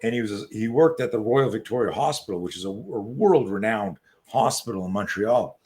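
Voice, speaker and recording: A man's voice: lowish voice, lively intonation, normal speed, darkish tone. Emphatic, swearing man in his sixties. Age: 60s. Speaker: self-defense coach, guest. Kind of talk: casual interview storytelling.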